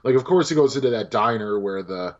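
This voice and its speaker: A man's voice: mid-range voice, expressive, a little fast, muffled recording. A young man co-hosting a casual movie-review chat, wry, swearing freely and laughing at the film. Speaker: podcast co-host reviewing a movie.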